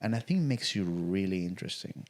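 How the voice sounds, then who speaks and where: A man's voice: deep voice, expressive, fairly quick, a little mellow. Man, co-hosting. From Latin America. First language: Spanish. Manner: repeats words, frequent "right?" tags. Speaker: podcast co-host. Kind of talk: casual conversation.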